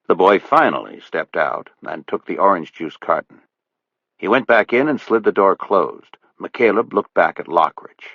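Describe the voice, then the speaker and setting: A male audiobook narrator with a fairly low voice, telling the story in a measured way with lively pitch movement. The recording is dry and close, with a dull, lo-fi tone. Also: creaky, no room sound. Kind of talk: scripted narration.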